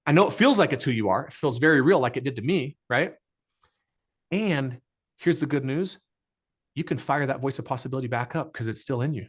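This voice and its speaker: A man's voice: mid-range voice, expressive, brisk, husky. A middle-aged man speaking as a podcast guest in an earnest, emphatic way, repeating phrases for effect. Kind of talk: motivational interview talk.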